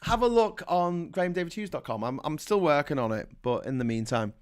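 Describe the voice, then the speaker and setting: The livestream host, a middle-aged Englishman with a Liverpool accent, speaks in a slightly high, animated voice at a fairly quick clip. Sarcastic and full of curses, he rants and reads messages from chat.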